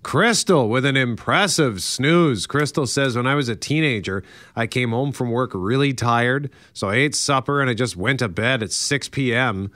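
Male morning host, mid-pitched, chatty, close dry mic. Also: moderate pace, fairly bright tone, no echo. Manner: chatty, self-deprecating, laughs easily. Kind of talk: casual radio banter and ad reads. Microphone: studio microphone. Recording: dry close studio sound.

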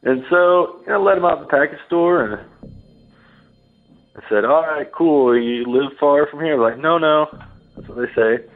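A man's voice: fairly high pitch, moderate pace. A man telling a rambling first-person story, acting out the voices of the people in it. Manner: rambling, acts out quoted voices. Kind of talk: casual storytelling. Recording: phone-line audio with faint music.

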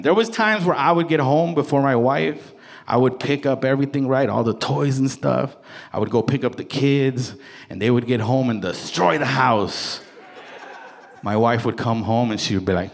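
A man in his thirties performing a playful, conversational stand-up set, slipping into quick voices for his wife and kids. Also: medium pitch. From Salvadoran heritage. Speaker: stand-up comedian. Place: comedy stage before a live audience. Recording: live crowd laughter and room noise.

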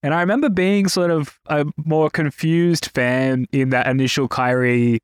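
A man hosting a sports podcast in casual chat, animated and a bit self-aware. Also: fairly high pitch, moderate pace, clean tone, no echo, studio quality. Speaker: podcast host.

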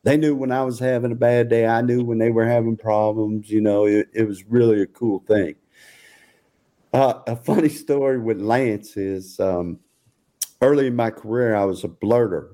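Older ex-coach, chatty guest, jovial anecdotes, mid-pitched voice. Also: male voice, fairly even intonation, normal speed, dark tone. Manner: laughs often, acts out quotes in a higher voice. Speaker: former football coach, guest. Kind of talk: casual podcast chat, storytelling.

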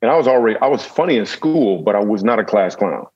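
Husky, lowish man, comedian guest, jokey storyteller, dull lo-fi recording. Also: expressive, quick pace, a little mellow. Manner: jokey, with self-deprecating asides. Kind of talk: humorous storytelling in a conversation.

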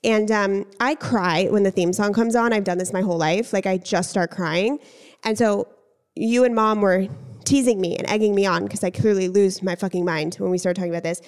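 A pregnant woman co-hosting a podcast, gushing and swearing casually in relaxed chat. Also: medium pitch, brisk, smooth. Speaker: podcast co-host.

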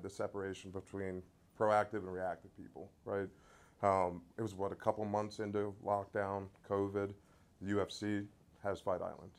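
A man co-hosting a podcast, steadily building up a long question for the guest. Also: fairly low pitch. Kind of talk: interview questions.

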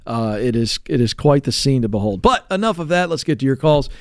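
A man's voice: mid-range voice, animated, brisk, no room sound, studio quality. A man in his forties hosting a live radio talk show, upbeat and chatty in his banter. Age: 40s. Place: broadcast studio. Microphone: studio microphone.

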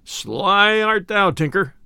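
A man voicing a sly, confident male outlaw who speaks in a measured, mocking, old-fashioned way. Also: high-pitched, lively intonation, gravelly, sharp tone, clean tone, dry recording, studio quality, pitched above the performer's own voice, full character voice.

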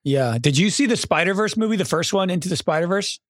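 A man co-hosting a podcast, chatting casually with wry, quick asides. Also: sits high, expressive, no room sound, clean studio sound. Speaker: podcast co-host. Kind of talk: casual chat.

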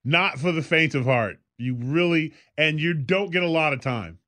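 A man's voice: on the high side, normal speed, sharp tone, no room sound. A man co-hosting a podcast, telling stories in a loose, rambling way with lots of fillers. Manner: rambling storyteller, many fillers. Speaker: podcast co-host. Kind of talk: casual chat.

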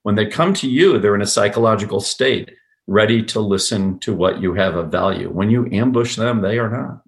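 A man's voice: on the low side, normal speed, creaky. A man talking as a podcast guest, telling stories emphatically and acting out quoted dialogue. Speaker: podcast guest, sales executive. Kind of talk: podcast interview.

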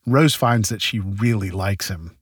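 A man narrating a true-crime podcast from a script in a measured way, with the odd wry aside. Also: on the low side, husky, dry recording, clean studio sound. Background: faint guitar music.

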